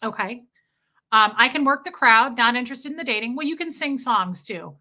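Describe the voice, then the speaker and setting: Bright-voiced brash woman streamer. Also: on the high side, moderate pace. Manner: brash, crude joking. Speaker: livestream host. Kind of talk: casual livestream chat reading viewer comments.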